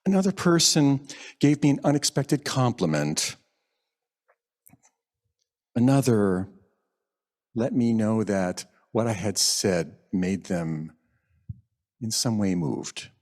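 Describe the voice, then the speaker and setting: A man preaching a sermon at a church service, gentle and reflective, lingering over quoted phrases. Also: lowish voice, expressive, slow pace, pauses often. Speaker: minister. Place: church sanctuary.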